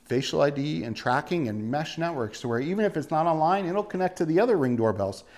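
A man preaching a sermon in a fairly high voice. He hammers his points with rhetorical questions and repeated words. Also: lively intonation, a little fast, a little mellow. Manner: emphatic, full of rhetorical questions and repetition. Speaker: pastor.

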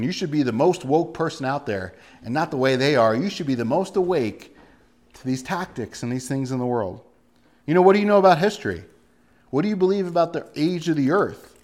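A male pastor delivering a sermon emphatically, full of rhetorical questions and repeated words. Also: on the high side.

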